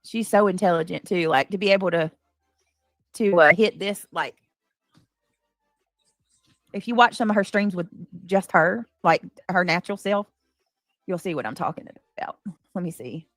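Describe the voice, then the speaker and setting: A woman's voice: fairly low pitch, normal speed, long pauses, dry recording. Chatty woman live-streaming. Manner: chatty, effusive, greets viewers from chat. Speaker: livestream commentary host. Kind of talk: casual livestream chat.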